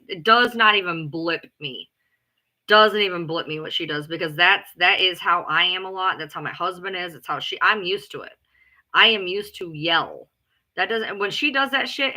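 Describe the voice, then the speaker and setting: Ranting in casual chat with her followers, this woman streamer has a lowish yet very bright and forceful voice. She's blunt, swears, and drives points home through repetition, speaking like the loud, take-charge alpha female she calls herself.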